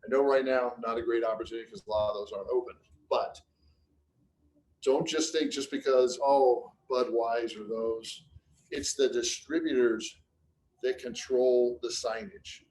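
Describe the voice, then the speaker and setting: A man's voice: mid-range voice, steady tone, a little slow, a little mellow, low-quality recording. A man giving a casual business webinar, talking conversationally with anecdotes and frequent restarts over a computer mic. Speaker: webinar presenter.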